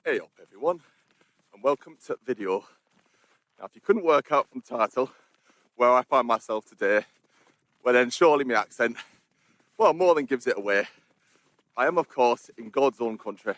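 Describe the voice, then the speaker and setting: A man's voice: mid-range voice, animated, normal speed, pauses often, fairly bright tone, no echo, lightly acted. A man from southern England putting on a Yorkshire accent to greet his viewers in a cheery, playful way. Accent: mock Yorkshire. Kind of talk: vlog greeting.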